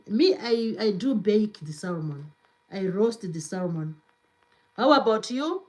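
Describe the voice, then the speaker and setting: A woman hosting a cooking stream talks in a relaxed, unhurried way, in an everyday middle pitch. She reads out viewer comments and breaks into giggles again and again. Her talk is loose and repetitive, like easy chat with her audience. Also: low-quality recording. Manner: giggly, laughs often, repeats herself. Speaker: cooking channel host. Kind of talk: casual live-stream chat, reading viewer comments aloud.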